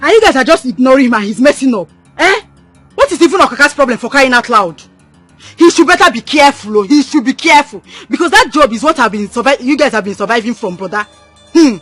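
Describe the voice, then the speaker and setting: An indignant young Nigerian sister fires off complaints in a high, fast, lively voice. She scolds nonstop, her pitch leaping around. Music plays behind her. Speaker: sister learning sewing. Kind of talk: Nollywood film acting.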